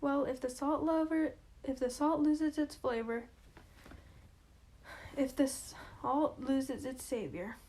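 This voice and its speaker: A restless, sharp-tongued young woman of twenty, read by a woman, tossing off quiet, flippant replies. Her voice is high with a soft, dark tone, in a simple play reading. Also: slow.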